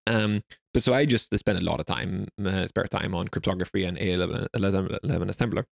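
A man's voice: low voice, quick pace, vocal fry, dry recording. A young Swedish man telling stories in a casual interview, rambling with lots of fillers. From Sweden. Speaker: guest.

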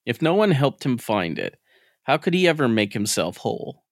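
A man narrating a scripted story in a measured, steady reading voice. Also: mid-range voice, dry recording, studio quality. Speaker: podcast narrator.

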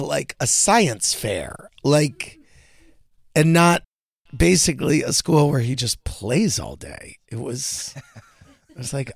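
A man hosting a podcast, chatting casually and telling animated stories about his son. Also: takes it slowly, creaky, dry recording. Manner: animated storytelling, quoting his son in a higher voice. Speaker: podcast host. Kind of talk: casual chat.

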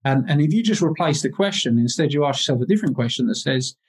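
A man's voice: mid-range voice, lively intonation, quick pace, slightly rough. Confident motivational businessman. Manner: confident, motivational, repetitive emphasis. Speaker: business coach, guest. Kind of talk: casual interview.

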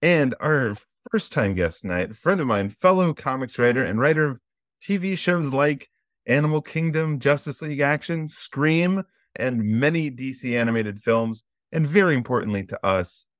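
A man hosting a casual movie podcast, joking and animated as he introduces a guest. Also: mid-range voice, moderate pace, no room sound, clean studio sound. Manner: animated and joking, acts out quotes. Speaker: podcast host.

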